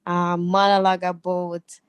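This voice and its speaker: A woman's voice: lowish voice, completely flat delivery, measured pace, clear, resonant tone. A young woman student explaining her answer in class, thoughtful, with some fillers.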